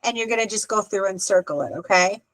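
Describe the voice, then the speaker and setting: A woman's voice: mid-range voice, fast talker, a bit bright, no echo, poor audio. A woman teaching an adult Hebrew class over a video call, explaining patiently and checking in with "okay" often. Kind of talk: online adult class instruction.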